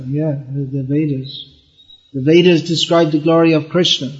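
A man's voice: a little high, steady tone, moderate pace, muffled recording. A man giving a devotional lecture in an earnest, explaining way, often repeating words as he goes. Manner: chants verses in Bengali. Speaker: spiritual teacher.

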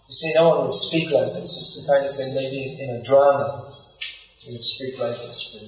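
A man teaching a scripture class. He reads verses aloud, then explains them slowly and patiently, stopping often to check that his listeners follow. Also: mid-range voice, bright, forceful tone, a little hiss or hum. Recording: very echoey room, distant mic, dull sound.

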